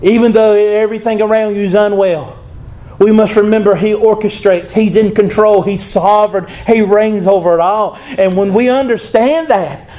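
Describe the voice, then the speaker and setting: A man with a high voice preaching a sermon. He speaks emphatically and conversationally, breaking off into asides and calling out to the people in front of him. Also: fairly even intonation, normal speed, dark tone. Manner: emphatic, conversational, with frequent asides and call-outs to the congregation. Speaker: pastor.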